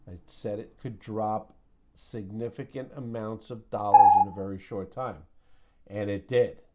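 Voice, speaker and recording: A man's voice: lowish voice, fairly even intonation, a little slow, background noise. A man hosting a casual market recap, chatty and joking, with sound-effect mimicry. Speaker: host of a trading recap show.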